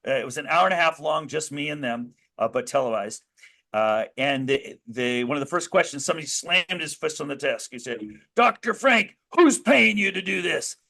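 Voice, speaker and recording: Earnest American man, restless storyteller. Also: mid-range voice. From United States. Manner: earnest, animated storytelling with frequent restarts. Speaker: interview guest. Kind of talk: conversational interview.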